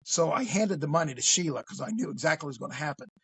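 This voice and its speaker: A man's voice: fairly high pitch, expressive, very fast, gravelly, fairly bright tone, slightly rough, no echo. A man telling a crime story in a casual, blunt, profane way.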